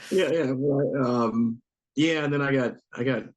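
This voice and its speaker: A man's voice: mid-range voice, unhurried, slight background noise. A middle-aged man from Northeast Ohio, a musician telling casual anecdotes with frequent laughter. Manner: laughs often, animated anecdotes with acted quotes. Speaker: musician guest. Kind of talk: casual storytelling.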